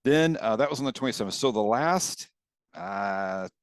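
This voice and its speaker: A man's voice: lowish voice, expressive, normal speed, smooth, dry recording. A man co-hosting a podcast, rambling through casual stories and laughing as he tells them, on a video call. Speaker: podcast co-host. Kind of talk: casual chat.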